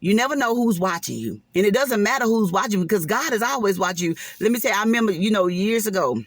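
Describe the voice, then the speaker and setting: A woman's voice: medium pitch, expressive, fast talker, no room sound, clean studio sound. A woman, telling an emotional personal story to viewers in a casual vlog, with churchy asides.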